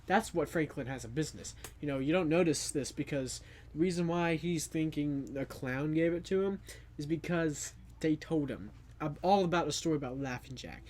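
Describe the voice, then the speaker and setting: A man hosting a reaction video, talking over a story with crude, rambling, loud jokes. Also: fairly high pitch, normal speed. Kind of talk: profane comic commentary.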